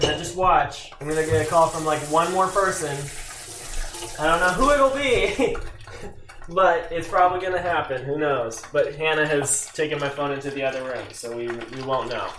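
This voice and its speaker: A man chatting casually on a live stream from his home kitchen, joking and laughing often. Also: fairly high pitch. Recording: echoey room with background noise.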